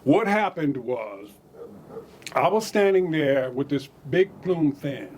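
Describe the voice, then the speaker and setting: A man casually telling stories from his own life, animated, chuckling and repeating words as he goes. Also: on the high side, takes it slowly, slight background noise. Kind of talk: casual spoken memoir storytelling.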